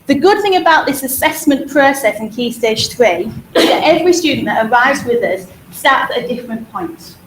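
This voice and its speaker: Fast-talking Hull woman in an echoey hall. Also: high-pitched, a little hiss or hum. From Hull, England. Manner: fast-talking, energetic, repeats words for emphasis. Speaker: music teacher. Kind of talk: school presentation to parents. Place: school hall.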